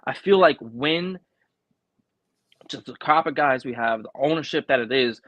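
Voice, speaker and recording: A young man with a thick New York accent talks in an animated, excitable way and swears freely. He is a wrestler chatting as a guest on a casual podcast. His voice sounds dry and close, with no room around it. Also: medium pitch, moderate pace, no echo.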